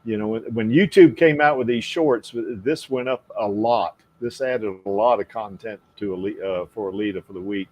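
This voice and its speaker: A man's voice: on the low side, normal speed, few pauses, darkish tone, slight background noise. A man hosting a casual livestream podcast, rambling with lots of fillers and frequent laughs. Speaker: podcast host.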